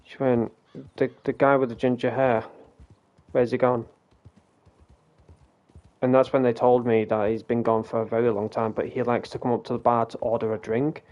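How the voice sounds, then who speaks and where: A man's voice: medium pitch, normal speed, dull audio. British man telling a rambling story. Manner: rambling and animated, swears, frequent restarts. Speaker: game streamer. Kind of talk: casual storytelling.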